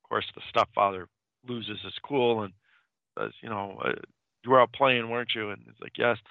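A man's voice: lowish voice, moderate pace, gravelly, dry recording. A man casually retelling a horror comic story, rambling with many fillers and restarts. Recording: dull dry lo-fi sound.

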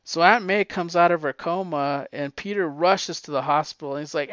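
Man, comic book reviewer, casual recap, emotional, fairly high voice, lo-fi sound. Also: fairly even intonation, moderate pace, a bit bright, clear, resonant tone, no room sound. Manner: emotional, chokes up while recounting. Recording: dull lo-fi recording.

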